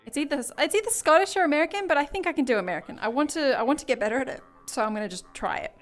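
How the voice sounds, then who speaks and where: A woman's voice: high-pitched, racing, soft background music. A woman with an Australian accent chatting on her stream, giggly and apologetic as she sets up. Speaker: streamer and role-player. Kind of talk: casual stream chat.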